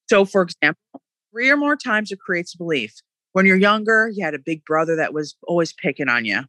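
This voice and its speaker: A woman in casual podcast chat about mindset, emphatic and animated, often acting out quoted voices. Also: fairly low pitch, a little fast, dry recording.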